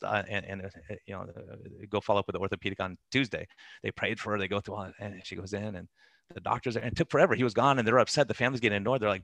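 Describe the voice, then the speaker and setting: A man, a physician, telling animated stories in an interview, laughing as he acts out the people in them. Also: fairly low pitch, quick pace, gravelly, no room sound. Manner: animated, laughing anecdotes with quoted voices. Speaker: physician guest. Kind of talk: conversational storytelling interview.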